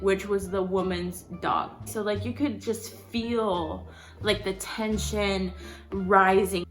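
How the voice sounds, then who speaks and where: Animated young woman telling a story. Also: mid-range voice. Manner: animated, filler-heavy storytelling with profanity. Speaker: vlogger. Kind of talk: casual storytime.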